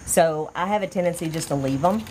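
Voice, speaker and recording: A woman hosting a casual live craft demonstration, chatty and easily excited as she greets viewers. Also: deep voice, brisk, background noise. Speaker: crafter hosting a livestream tutorial. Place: outdoors or by an open window, fading daylight.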